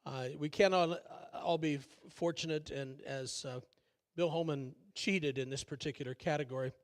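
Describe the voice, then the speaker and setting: Older guy pastor giving a sermon, bit of a higher voice, chatty and folksy, lots of uhs and ums. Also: fairly even intonation, moderate pace. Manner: folksy, conversational with frequent fillers and self-deprecating asides. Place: church sanctuary.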